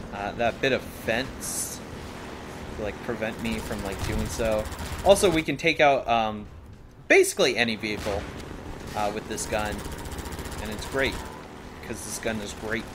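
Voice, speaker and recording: A man's voice: medium pitch, noisy background. A man hosting a let's play, giving rambling, playful gameplay commentary and joking at his own expense. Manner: rambling, playful, jokes at himself. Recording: game sounds under the voice.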